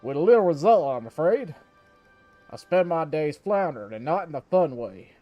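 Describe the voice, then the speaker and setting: A man's voice: a little high, big pitch swings, normal speed, muffled recording, soft background music. A man voicing an eccentric, theatrical male fishmonger, reading his lines with grand storyteller flair.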